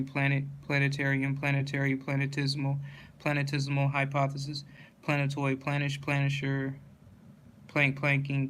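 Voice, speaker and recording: A man reading a long list of dictionary words aloud in a monotone, with small slips and restarts. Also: medium pitch, a little hiss or hum.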